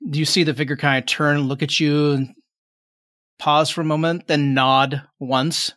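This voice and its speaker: A man's voice: fairly high pitch, flat delivery, normal speed, fairly bright tone, dry recording, clean studio sound. A man narrating a tabletop game as game master, describing scenes in a rambling way with many fillers.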